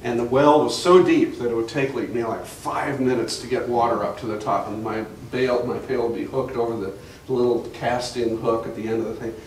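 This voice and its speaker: A man's voice: medium pitch, fairly even intonation, a little fast, few pauses, a little mellow. Older man telling stories in an echoey hall. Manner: rambling storyteller with frequent restarts and fillers. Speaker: guest speaker at a museum talk. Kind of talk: anecdotal public talk. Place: museum gallery, recorded from the audience. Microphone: distant camera mic. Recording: echoey room from far off, faint hiss.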